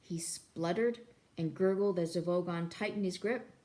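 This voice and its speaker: A woman reading a novel aloud in an expressive, playful way. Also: lowish voice, moderate pace. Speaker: reader.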